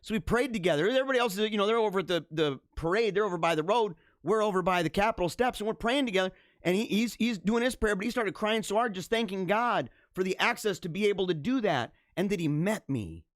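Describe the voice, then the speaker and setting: A man hosting a live stream, telling a story in a casual, rambling way, with many restarts and bursts of excitement. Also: sits high, fast, few pauses, dry recording, clean studio sound. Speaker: livestream host.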